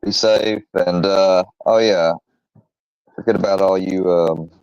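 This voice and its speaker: A man hosting his own channel, rambling defensively with many fillers and pauses as he rants casually. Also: deep voice, fairly even intonation, darkish tone, clear, resonant tone, no echo. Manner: rambling, halting, full of fillers; defensive, irritated. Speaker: channel host. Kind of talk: rambling casual vlog rant. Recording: dull lo-fi close recording.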